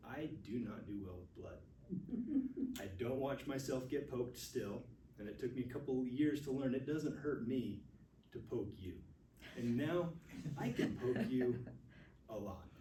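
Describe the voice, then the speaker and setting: A man's voice: mid-range voice, lively intonation, a little slow, pauses often, noisy background. A man, a nurse, teaching a first aid class to a room of people, sharing personal stories earnestly and openly admitting his emotions. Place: classroom with audience. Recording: echoey room recorded from far off.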